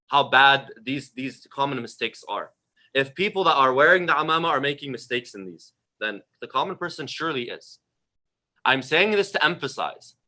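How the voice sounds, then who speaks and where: Young guy preaching, casual, keeps repeating himself for emphasis, really bright sharp tone, a bit high. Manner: emphatic, repeats phrases, conversational. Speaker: religious teacher. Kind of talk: informal sermon on prayer.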